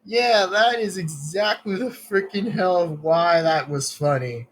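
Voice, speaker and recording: A man's voice: high-pitched, unhurried, a little hiss or hum. A man rambling through casual reaction commentary, laughing often and swearing. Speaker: video reactor.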